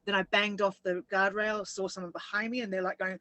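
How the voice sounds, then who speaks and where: A woman's voice: mid-range voice, little pitch movement, fast talker, hardly any pauses, bright, forceful tone, no room sound, rough recording. A woman co-hosting a casual chat, rambling and laughing as she tells her story. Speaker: co-host.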